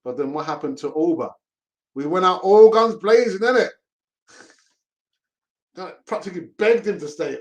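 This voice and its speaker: A man's voice: sits high, animated, moderate pace, long pauses. A man hosting a casual live stream, reading chat messages aloud, laughing and mockingly acting out pleading voices. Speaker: host of a fan channel reading live chat.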